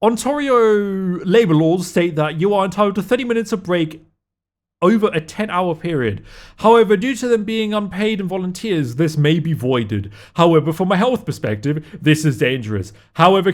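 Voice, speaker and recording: A young man hosting a reaction video, excitable and sweary, laughing often as he comments. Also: high-pitched, normal speed.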